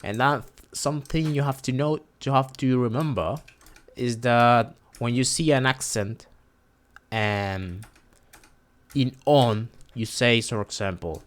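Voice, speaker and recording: A man's voice: medium pitch, lively intonation, measured pace. A man whose first language is Spanish teaches a casual lesson, hesitating and repeating words to model pronunciation.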